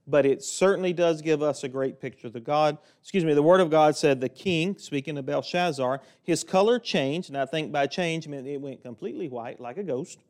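A man preaching a sermon from a lectern in a church, folksy and joking, swinging between loud stretches and quiet ones. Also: fairly high pitch. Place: church sanctuary, speaking at a lectern.

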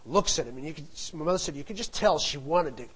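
This storyteller is a middle-aged man whose slightly high voice is expressive and fast. He recounts a family anecdote loosely, digressing and tossing in asides, over a low-quality recording with a little hiss or hum.

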